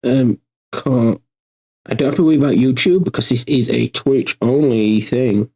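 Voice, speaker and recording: A man talks casually to his livestream viewers at a middle pitch. He rambles and thinks out loud, often restarting his sentences. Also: normal speed, husky, rough recording. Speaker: streamer hosting a workshop.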